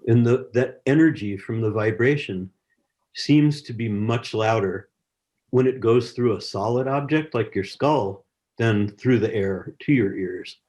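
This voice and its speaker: A man's voice: mid-range voice, unhurried, darkish tone. A man leading an online science workshop over a video call, encouraging participants and reading chat messages aloud.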